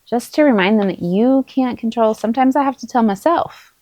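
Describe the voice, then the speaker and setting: A middle-aged woman, a mother, talking to camera in a calm, earnest and encouraging way as she shares parenting advice. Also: fairly high pitch, fairly quick, no echo. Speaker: parenting vlogger, mother of many. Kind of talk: casual spoken advice to camera.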